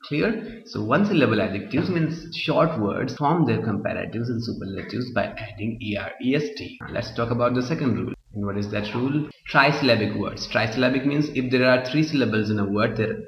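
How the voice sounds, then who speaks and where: A man's voice: mid-range voice, fairly quick, few pauses, a little hiss or hum. A man teaching a grammar lesson, repeating his points and checking with the class again and again. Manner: repeats points, keeps asking "Clear?". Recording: muffled echoey room, voice drifting from mic.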